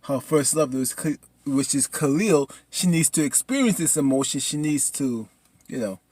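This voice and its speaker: A man casually recapping a TV episode in an excitable, colloquial way. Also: fairly high pitch, normal speed. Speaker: TV episode reviewer.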